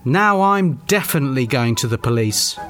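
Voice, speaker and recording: A man's voice: mid-range voice, lively intonation, normal speed, over music, lightly acted. A man voicing an earnest, solemn schoolboy in a comic storybook reading.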